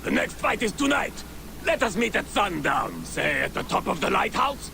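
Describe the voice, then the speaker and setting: An actor playing a gruff, proud old male arena trainer with a gravelly voice, from game audio. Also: high-pitched, very animated, normal speed, background noise, exaggerated voice. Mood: commanding.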